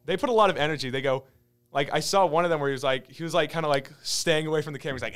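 Young male co-host, smooth and slightly high voice, chatty and rambling. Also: rapid-fire. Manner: rambling, animated, acts out quotes in a high voice. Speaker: podcast co-host. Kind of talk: casual chat.

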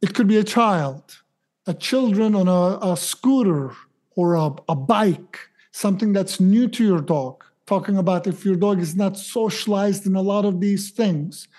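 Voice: mid-range voice, unhurried, darkish tone. A dog trainer co-hosting a podcast, explaining behavior with acted-out examples and quoted thoughts.

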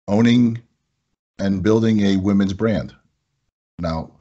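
A middle-aged man, a supplement company owner, telling animated stories in a casual chat and acting out his customers' lines. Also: on the low side, husky, highs cut off.

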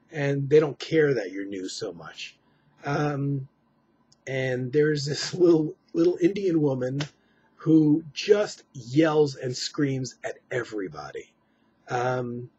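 A very husky, breathy man talks at a middle pitch, worn out and rambling through a late-night update. He stops and restarts often and fills gaps with ums. The home recording sounds dull and lo-fi. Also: a little mellow. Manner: rambling, weary, with many fillers and restarts. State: exhausted. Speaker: vlogger.

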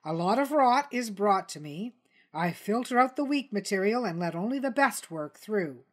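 A woman's voice: mid-range voice, lively intonation, moderate pace, pitched above the performer's own voice, lightly acted. A woman voicing a pompous, huffy male T-Rex who runs a jungle publishing business, blustering and indignant. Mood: defensive.

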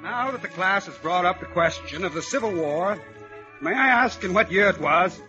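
A man's voice: high voice, animated, normal speed, music in the background. An actor playing a formal professor questioning his class, in 1930s radio drama style. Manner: formal, lecturing. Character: middle-aged male professor, formal lecturing. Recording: dull old radio recording.

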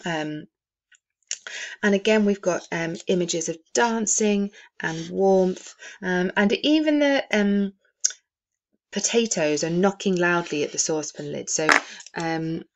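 A woman's voice: on the low side, measured pace. A woman teacher explaining a novel in a recorded lesson, with many "um" fillers. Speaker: English teacher.

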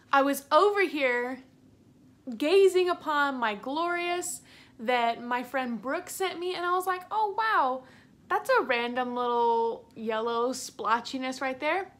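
A woman's voice: high-pitched, takes it slowly, a bit bright. A young woman plant vlogger talking casually and ranting in exasperation, with bursts of laughter. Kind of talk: casual vlog.

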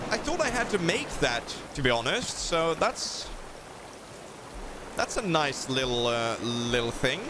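A man hosting a let's play, chatting playfully with excitable exclamations as he explores. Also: medium pitch, background noise. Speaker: gaming video host.

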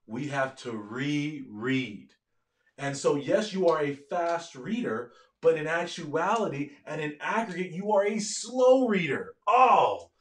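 A man giving a live online lecture from his office at home, energetic and often asking his listeners questions. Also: a little high, echoey room. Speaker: medical education lecturer.

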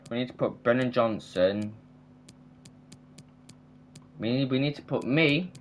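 A man's voice: medium pitch, unhurried. A man chatting casually while playing a football video game, rambling and trailing off mid-sentence. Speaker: gamer. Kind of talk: casual gaming chat.

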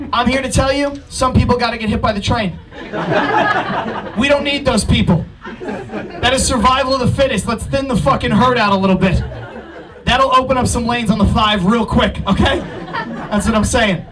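A high-pitched man with a New York accent rants through a stand-up comedy set with a brash, profane edge. He sounds a bit far from the mic, and a club crowd laughs loudly around him. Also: moderate pace, long pauses. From Brooklyn, New York. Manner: brash, profane, ranting delivery. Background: audience laughter.

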